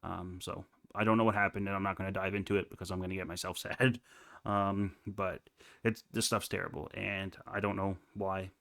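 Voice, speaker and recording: A young man in his twenties reads confession posts aloud at a quick clip, then drifts into loose, filler-heavy commentary. His voice sits a little low, and the sound is dry and close with no room to it. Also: level tone, gravelly, fairly bright tone, no room sound. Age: 20s. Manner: casual, rambling asides with many fillers. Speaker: reddit reaction host.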